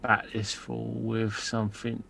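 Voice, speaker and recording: A man playing a tabletop game, slow and playful. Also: lowish voice, completely flat delivery, gravelly, a bit bright, slight background noise. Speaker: player. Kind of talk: casual tabletop game play.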